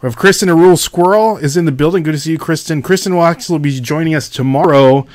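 A man's voice: a little high, fast, a little mellow, no room sound. A man hosting a casual livestream, greeting viewers by name and reading their chat comments aloud. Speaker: livestream host.

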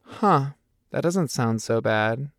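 A man's voice: medium pitch, expressive, slow, dry recording, clean studio sound. A man narrating an audiobook voices a cheerful, rambling young man who talks about himself without a filter. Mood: cheeky. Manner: rambling, chatty, self-deprecating.

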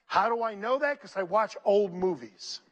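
Speaking at a moderate pace in a high voice, a male pastor preaches to his congregation. He calls out to them and reads scripture aloud, animated and preacherly throughout.

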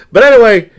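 A man co-hosting a casual podcast, telling stories in an animated way, laughing and swearing. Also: extremely high pitch. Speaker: podcast co-host. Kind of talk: casual chat, storytelling.

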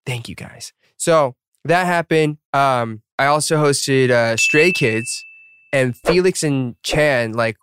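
A man in his thirties hosts a podcast, chatting his way through stories, laughing often and slipping into quoted voices. His medium-pitched voice is fairly bright and unhurried, with slight background noise behind it.

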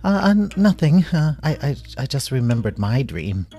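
A man's voice: on the high side, lively intonation, moderate pace, mellow, dull audio, faint music behind, pitched above the performer's own voice. A man voicing a timid, stammering female toy pig in a storybook tale. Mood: flustered. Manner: stammering, secretive.

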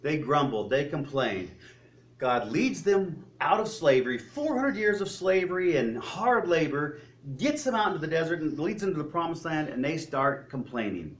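Lively man preaching a sermon. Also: a little high, moderate pace. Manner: animated storytelling with joking asides. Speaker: pastor.

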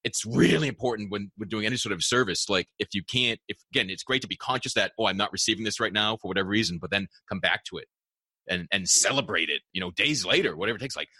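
A man hosting a podcast in casual conversation, playful and quick to laugh, often restarting his sentences. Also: fairly low pitch, pushed and bright, slightly rough, no echo. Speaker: podcast host.

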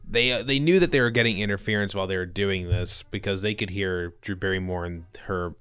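Young male podcast co-host, low, smooth-toned, jokey rambling recap. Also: a bit bright, no room sound, faint music behind. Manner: rambling, jokey, quick to mock accents. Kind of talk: casual movie recap chat.

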